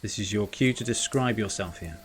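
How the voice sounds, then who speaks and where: A man's voice: on the low side, a little hiss or hum. Casual male game master narrating. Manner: brisk, casual narration with fillers.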